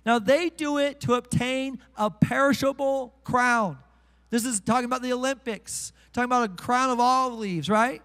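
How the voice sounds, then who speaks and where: A man preaching a sermon to a live congregation, energetic and joking, slowing way down to read scripture. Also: very high-pitched, long reverb tail. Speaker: pastor. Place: church sanctuary with congregation.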